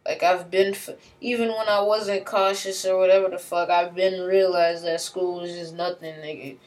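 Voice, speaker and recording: A woman's voice: lowish voice, steady tone, moderate pace, darkish tone. A woman in an angry, heavily profane rant, talking with slang and repeating herself as she vents. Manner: heated, profane, slangy, repetitive. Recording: voice from a distance.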